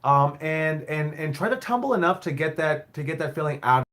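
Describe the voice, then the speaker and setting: A man's voice: fairly high pitch, lively intonation, a little fast, fairly bright tone. A man who owns and coaches a wrestling school, answering viewer questions in a casual live stream, rambling, repeating himself and swearing now and then.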